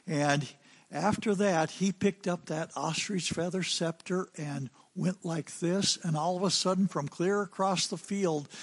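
An American man preaching a sermon, telling a story in an unhurried anecdotal way with some fillers. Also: on the high side. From United States.

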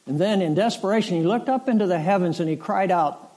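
Male pastor, fairly high voice, deliberate preaching cadence that swells on scripture. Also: mellow. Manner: slow deliberate preaching, rising in force on scripture lists. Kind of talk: sermon. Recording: audio of a sermon.

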